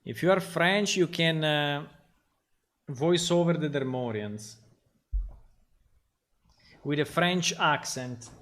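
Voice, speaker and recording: A man chatting on a livestream while he works on a game, thinking out loud and wandering from point to point. He stops often for an um or a restart and takes his time over each thought. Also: on the high side, takes it slowly, pauses often. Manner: rambling and thinking aloud, many ums and restarts. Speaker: game developer streaming his work. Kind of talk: casual livestream talk while working.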